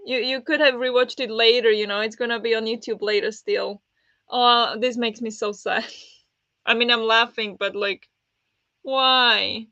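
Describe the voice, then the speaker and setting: Her voice sits a little high, with a steady, sharp tone and a measured pace broken by frequent pauses. She's the host of a book readalong stream, chatting in a friendly way, greeting viewers by name and filling gaps with ums, recorded dry on a dull lo-fi mic with no echo.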